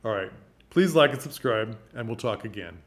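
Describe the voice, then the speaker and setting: A man's voice: on the low side, animated, moderate pace. A man giving casual, emphatic advice on stage acting to camera, often stopping to check in with the listener. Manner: emphatic, keeps checking in with "okay?". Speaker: theatre acting teacher. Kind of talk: casual teaching talk to camera.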